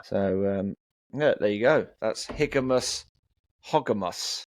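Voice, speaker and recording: A man's voice: lowish voice, slow pace, dry recording. A man co-hosting a casual chat about records, reading album blurbs aloud with frequent ums and restarts. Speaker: co-host.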